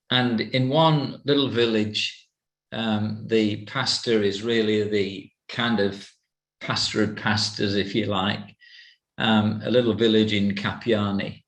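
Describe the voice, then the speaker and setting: An older man giving a personal testimony as an evangelist, slow and halting, with many fillers. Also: medium pitch. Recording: roomy echo.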